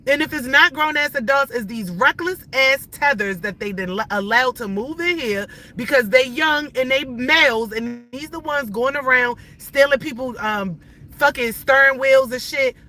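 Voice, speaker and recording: A woman's voice: high voice, normal speed, pushed and bright, rough recording. A woman in her thirties livestreaming from inside her car as she drives, ranting in a heated, profane, rambling way. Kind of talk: ranting live stream while driving. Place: inside a car while driving.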